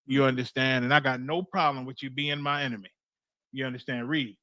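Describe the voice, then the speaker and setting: A man's voice: mid-range voice, steady tone, a little fast, sharp tone, no echo. A man leading a scripture study on a livestream, preaching in a fiery, blunt and profane way with emphatic repetition.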